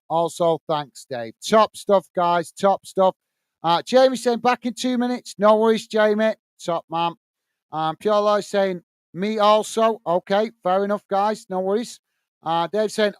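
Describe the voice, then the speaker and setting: A man's voice: sits high, smooth. A British man hosting a live football watch-along stream, reading viewers' chat comments aloud in a friendly way and calling them mate.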